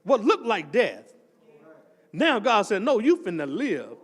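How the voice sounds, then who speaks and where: An older man, preaching a testimony sermon as associate pastor and telling a story that builds up into shouting. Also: high-pitched, slow pace, breathy edge, in a large hall. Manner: animated storytelling, swells into shouting.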